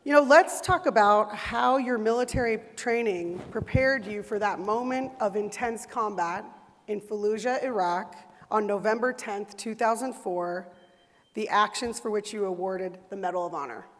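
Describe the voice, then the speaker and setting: A woman moderates a panel in a large event hall, posing measured, encouraging questions in a voice of middling pitch. A long hall reverb trails after her words. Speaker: forum moderator.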